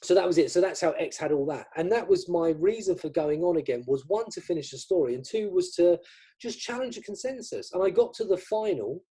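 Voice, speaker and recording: Husky, mellow-voiced man telling stories. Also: high voice, lively intonation, brisk. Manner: chatty, acts out quoted dialogue. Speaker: magician interview guest. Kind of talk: casual storytelling interview.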